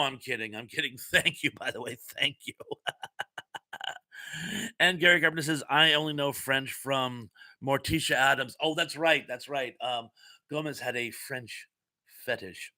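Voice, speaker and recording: A man's voice: medium pitch, moderate pace, pushed and bright. A man hosting a live stream, casually chatting and reading viewer comments aloud, rambling with fillers and laughter.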